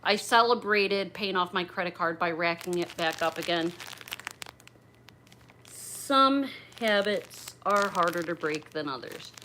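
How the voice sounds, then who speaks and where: A woman's voice: on the low side, measured pace, bright, forceful tone, a little hiss or hum. A middle-aged woman chatting on a livestream as she opens gifts, gushing, bubbly and a little raunchy. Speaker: livestream host opening gifts.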